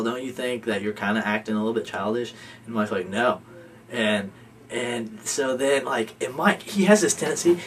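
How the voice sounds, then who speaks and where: A young man recounts a household story with lots of energy, laughing as he goes and slipping into the voices of the people involved. His pitch sits in the usual middle for a man. He is picked up from a little away from the mic, with a faint hum of noise behind him. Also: far from the mic. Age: young adult. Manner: animated, laughs often, acts out others' lines. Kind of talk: casual storytelling.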